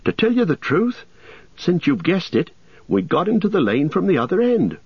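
Bright young hobbit lad, brisk and friendly; male narrator voicing him, dry close sound. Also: high-pitched, sing-song, creaky, slightly rough, no echo, muffled recording, pitched above the performer's own voice, full character voice. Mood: explaining.

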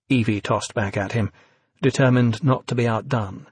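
A man narrating an audiobook in a measured, even reading. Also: mid-range voice, gravelly, slightly rough, no echo.

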